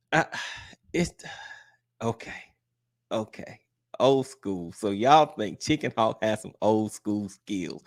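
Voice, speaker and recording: Laid-back man, low voice. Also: animated, slow pace, long pauses, a little hiss or hum. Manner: easygoing, rambling, many "all right"s. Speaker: fishing channel host. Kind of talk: casual livestream chat.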